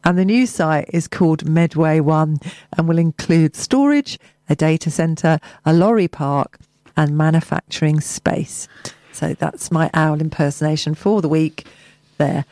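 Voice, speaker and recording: A woman's voice: low voice, a little slow, mellow, no echo. A woman co-hosting a chatty show, reading local news items with playful, jokey asides. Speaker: radio show co-host.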